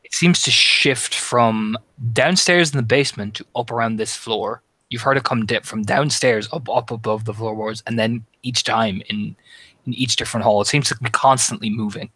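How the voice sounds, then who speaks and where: A man's voice: mid-range voice, moderate pace, pushed and bright, no room sound. A man narrating as game master of a tabletop horror game, dramatic and imitating heartbeats. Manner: dramatic, mimics heartbeat sounds.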